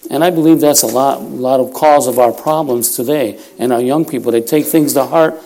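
A man's voice: medium pitch, brisk, mellow. A man in his fifties of Puerto Rican heritage, preaching a sermon in a church, folksy and self-deprecating, often laughing as he tells stories. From Puerto Rico heritage. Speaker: lay preacher. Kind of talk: sermon with storytelling.

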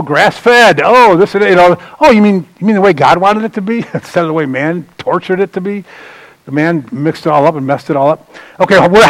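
A man preaching a sermon in a loose, conversational way, bantering with the congregation and swinging from loud emphasis to quiet asides. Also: high voice, no echo, low-quality recording. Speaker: pastor.

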